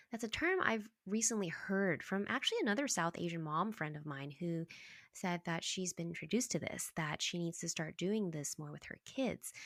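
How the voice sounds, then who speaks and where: A woman's voice: on the low side, dry recording, clean studio sound. A woman hosting a podcast, asking her guest a question in a curious, conversational way. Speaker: podcast host. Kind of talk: interview question.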